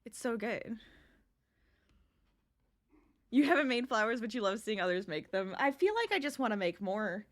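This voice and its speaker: A woman's voice: on the high side, lively intonation, brisk. A young adult woman chatting casually with her live-stream viewers while she crochets, laughing often as she talks.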